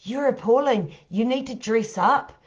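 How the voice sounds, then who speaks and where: In a muffled recording, a woman with a fairly high voice tells a crude tale on a live stream at an unhurried pace. Her delivery is blunt and thick with profanity, and she often breaks into laughter at herself.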